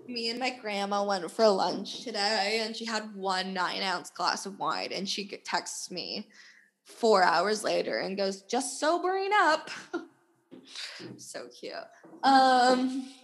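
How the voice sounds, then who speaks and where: A woman's voice: medium pitch, long reverb tail. A young woman in her twenties hosting a podcast. She tells a story casually, rambles with lots of fillers, swears bluntly and sounds exhausted. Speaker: podcast host.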